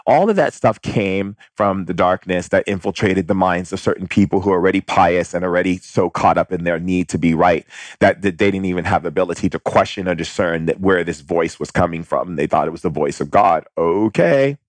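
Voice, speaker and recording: Man with a low voice, preaching about love. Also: fairly quick, dry recording. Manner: emphatic, repetitive chanting of phrases. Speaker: spiritual speaker. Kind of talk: spiritual monologue.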